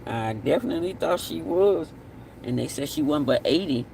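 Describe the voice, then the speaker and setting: A man's voice: fairly high pitch, lively intonation, normal speed, creaky, darkish tone. A man hosting a casual live stream, reading viewer comments, repeating himself and sending blessings. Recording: distant mic with faint outdoor noise.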